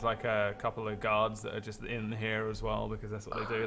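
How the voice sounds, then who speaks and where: A man narrating as game master of a tabletop game, relaxed and full of fillers. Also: fairly low pitch, brisk, hardly any pauses.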